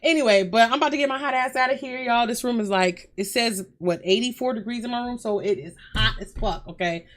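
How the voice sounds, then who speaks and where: A woman's voice: a little high, a little fast, few pauses. A woman hosting a reaction video, chatting loosely with her viewers from a hot bedroom at home, swearing freely and calling them y'all. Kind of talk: casual chat to viewers.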